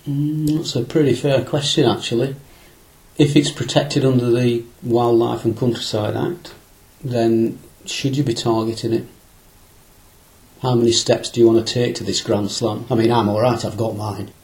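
A man's voice: medium pitch, flat delivery, moderate pace, darkish tone, poor audio. A man in a casual conversation, recalling fishing trips in a rambling, anecdotal way with many fillers and restarts.

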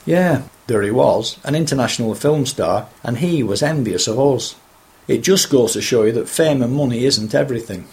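A man interviewing a fellow angler, speaking in measured, articulate, full sentences. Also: mid-range voice, a little mellow.

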